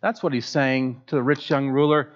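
A man's voice: medium pitch, fairly even intonation, normal speed. A male pastor preaching with emphatic swells and drops. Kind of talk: sermon. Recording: dull lo-fi sound.

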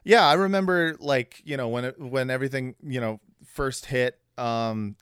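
A man chatting casually and comedically, rambling along with plenty of fillers and laughter. His voice is smooth and clear, with a mid-range pitch. The recording is close and dry. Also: moderate pace, fairly bright tone, no echo.

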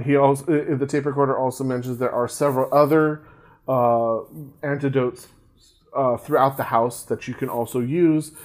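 A man co-hosting a podcast, casually recapping a film plot with lots of fillers and restarts. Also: medium pitch. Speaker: podcast co-host.

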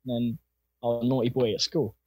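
A young man with a husky voice, telling his personal faith story in an earnest, rambling way with plenty of fillers. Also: mid-range voice, little pitch movement, fast talker, darkish tone, dry recording. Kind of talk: casual personal testimony.

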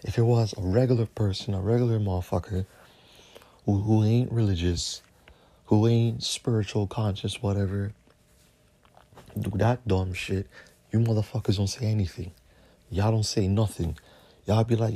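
A man's voice: on the low side, steady tone, normal speed, warm tone. A man hosting a podcast, ranting alone with heavy profanity and slang. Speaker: podcast host. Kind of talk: solo podcast rant.

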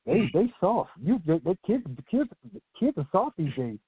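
A man's voice: sits high, very animated, moderate pace, breathy edge, no room sound. A man talking casually about sports, rambling and repeating himself with many fillers. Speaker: podcast co-host. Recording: tinny phone-like line, faint noise.

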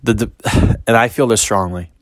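A man's voice: lowish voice, moderate pace, noisy background. A man speaking as a spiritual reader in a casual monologue, blunt and emphatic, cursing freely.

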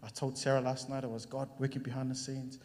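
A young man speaks from the front of a church, sharing a personal story in a casual, chatty way. He acts out both sides of conversations as he goes, at an everyday pitch. The hall around him gives his voice a long, lingering reverb. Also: little pitch movement, fast, a little mellow. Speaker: church worship leader sharing a testimony. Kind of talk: casual sermon testimony.

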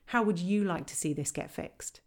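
A woman on a podcast explaining how to handle complaints, lively and acting out the lines customers and staff might say. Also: lowish voice, moderate pace. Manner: animated, acts out quoted dialogue. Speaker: customer service trainer.

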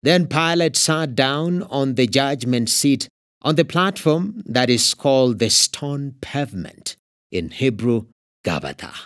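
Slow, expressive Kenyan male narrator. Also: medium pitch, no echo, clean studio sound. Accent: Kenyan English. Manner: steady, expressive reading. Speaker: scripture narrator. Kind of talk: scripted scripture reading.

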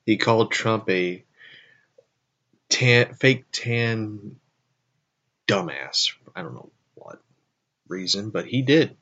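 Slow, low-voiced rambling man. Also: animated, creaky, a bit bright, lo-fi sound. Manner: rambling, self-correcting, frequent asides. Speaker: show host. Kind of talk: casual rambling storytelling.

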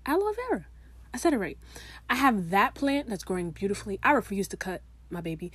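A young woman vlogging in a casual, chatty way, animated and rambling, full of asides and restarts. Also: medium pitch, quick pace, slightly rough, no echo. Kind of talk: casual chat to camera.

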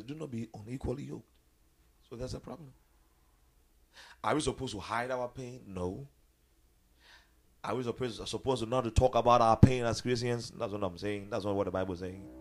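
A man preaching a sermon, animated, swinging between loud high outbursts and low quiet stretches. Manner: animated, acts out quoted voices with big jumps in pitch.

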